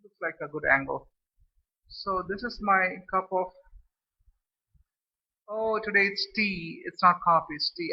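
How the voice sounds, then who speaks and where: A man's voice: sits high, breathy edge. A man from India, chatting casually to camera as a food vlogger, rambling and restarting his phrases. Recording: dull lo-fi recording.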